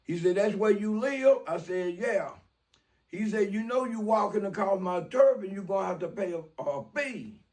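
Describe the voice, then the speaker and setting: A man in his sixties from Mobile, Alabama tells a street story in a profane, streetwise style, acting out the dialogue as he goes. His voice sits high with lively intonation and a darkish tone, at a normal speed. It's casual personal storytelling.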